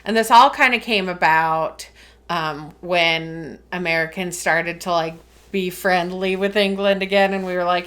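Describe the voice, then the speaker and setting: A woman's voice: lowish voice, steady tone, a little slow, a bit bright. Chatty woman podcast co-host. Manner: chatty, laughs often, explains with many ums. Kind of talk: casual chat.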